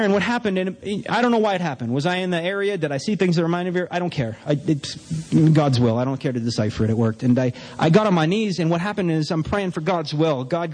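A man's voice: a little high, darkish tone. A man giving an earnest, emotional personal testimony to a group, telling his story with repetitions and restarts. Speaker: recovery meeting speaker. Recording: reverberant hall.

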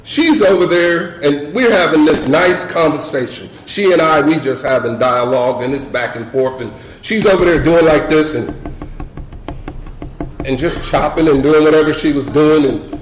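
A man's voice: on the high side, moderate pace. A middle-aged man telling a humorous personal story at a recovery meeting, acting out scenes and peppering his talk with "you know.". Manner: animated, acts out scenes, many "you know" fillers. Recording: echoey room with faint crowd noise.

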